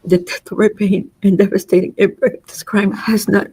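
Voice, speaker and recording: A middle-aged mother reads her prepared statement to the court, measured and full of grief. Her voice is husky and breathy. She keeps her delivery flat and even. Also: medium pitch, poor audio. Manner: grieving, measured reading with small slips. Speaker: victim's mother giving impact statement.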